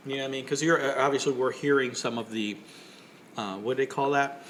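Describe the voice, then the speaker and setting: Talking fast in a mid-range, fairly bright voice, a male podcast co-host jokes and rambles through casual chat, full of fillers and restarts. There's a little hiss or hum on the recording.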